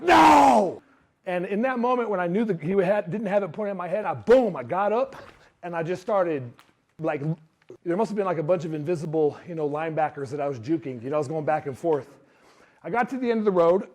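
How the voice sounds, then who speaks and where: A man giving a motivational talk to a live audience, telling his story in an animated way and acting out what others said. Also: high voice. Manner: animated storyteller who acts out quotes. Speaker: speaker.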